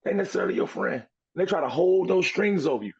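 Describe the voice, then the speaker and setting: A man with a gravelly, husky voice tells an animated, profane story in a casual podcast manner. The recording sounds dull and lo-fi, with a dry, close feel. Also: sits high, fast, no room sound. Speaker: podcast co-host.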